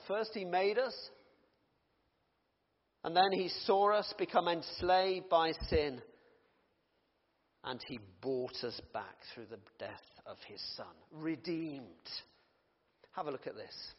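A male preacher tells a sermon story with expressive, dramatic delivery and a slightly high voice. His voice trails off into the long reverb of a large hall, and the recording sounds dull and muffled. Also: slow pace, pauses often. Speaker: pastor.

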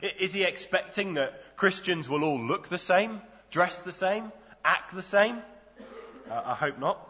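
A man's voice: sits high, lively intonation, measured pace, bright, forceful tone. A man preaching a sermon in a conversational, storytelling way. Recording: dull lo-fi sound in a reverberant hall.

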